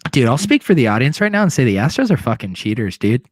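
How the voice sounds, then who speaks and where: A man's voice: mid-range voice, very animated, quick pace. A man co-hosting a casual podcast chat, emphatic and crude, sprinkling in swearing and "dude". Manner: emphatic, swears a lot, keeps saying "dude". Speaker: podcast co-host.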